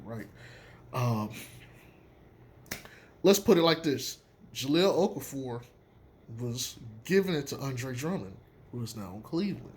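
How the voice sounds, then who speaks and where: A man giving casual basketball opinions in an emphatic, profane, animated way. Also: on the high side. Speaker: sports commentator. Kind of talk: casual sports opinion talk.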